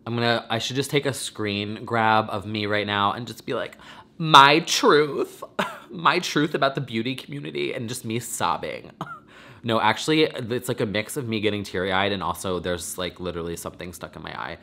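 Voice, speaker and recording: This vlogger and podcast host has a lowish, slightly bright voice and talks a little fast. His casual vlog monologue is rambling, gushing and emotional, and he sounds on the verge of crying.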